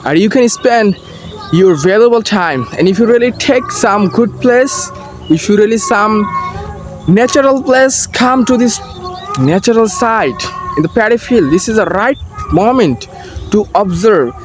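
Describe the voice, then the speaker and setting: High-voiced Bangladeshi man vlogging outdoors. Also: lively intonation. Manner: earnest, halting learner's English with restarts. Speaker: vlogger practicing English. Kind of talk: casual walking vlog. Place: outdoors by paddy fields and a canal. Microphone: phone on a selfie stick. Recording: noisy outdoor phone recording.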